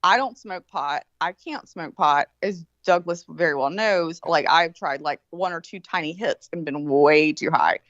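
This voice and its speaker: Brief: woman, podcast co-host, animated and profane storyteller, dry muffled lo-fi sound. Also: low-pitched, measured pace, few pauses, no echo. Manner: profane, animated, acts out quoted voices. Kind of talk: casual storytelling. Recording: slightly muffled, dry lo-fi audio.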